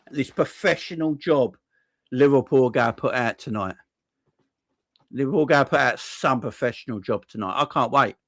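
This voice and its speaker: A man's voice: mid-range voice, fairly bright tone, no room sound. A man hosting a football fan channel, ranting sarcastically and repeating himself, with frequent swearing.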